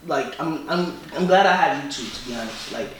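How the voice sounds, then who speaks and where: A man's voice: on the high side, expressive, a little fast, a bit bright, a little hiss or hum. Young male co-host from Philly, loose rambling chat, mic set back in a very echoey room. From Philadelphia, US. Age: young adult. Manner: loose, rambling, lots of "like" and restarts. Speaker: podcast co-host. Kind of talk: casual podcast chat. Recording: roomy echo, distant mic.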